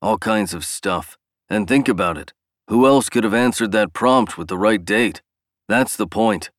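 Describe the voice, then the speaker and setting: A man doing a gruff older father. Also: fairly low pitch, a little slow, no echo, studio quality, natural voice. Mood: earnest.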